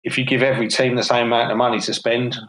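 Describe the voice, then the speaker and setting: A man with a London accent talks football in a loose, opinionated way. His pitch sits in an ordinary middle range, and he laughs easily between points. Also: level tone, quick pace, fairly bright tone, roomy sound, low-quality recording. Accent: London English. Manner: chatty, opinionated, laughs often. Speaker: podcast co-host. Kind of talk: casual football chat.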